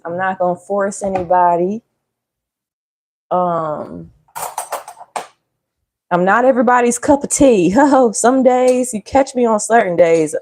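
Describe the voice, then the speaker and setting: A woman's voice: mid-range voice, darkish tone, a little hiss or hum. Chatty woman livestreaming. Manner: chatty, rambling, joking. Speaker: livestream host. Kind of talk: casual livestream chat.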